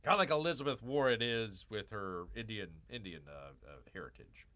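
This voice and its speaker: A man's voice: fairly low pitch, a little fast, sharp tone. A man hosting a livestream in casual, joking commentary, rambling through asides, repeating himself and calling himself Bear. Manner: joking, calls himself Bear in third person. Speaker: livestream host.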